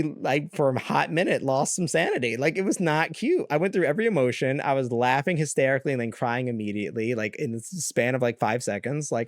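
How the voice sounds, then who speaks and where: A young man hosting a solo podcast, talking candidly in a rambling way, full of fillers and quick laughs. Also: mid-range voice, no room sound, studio quality. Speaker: podcast host. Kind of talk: casual solo podcast rant.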